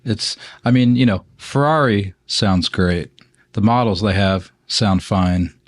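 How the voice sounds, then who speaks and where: A wry man co-hosting a car podcast, with a low voice recorded dry and close. He muses aloud and often stops to restart his sentences. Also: no room sound. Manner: wry, musing, talks in halting restarts. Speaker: podcast co-host. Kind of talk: casual car podcast chat.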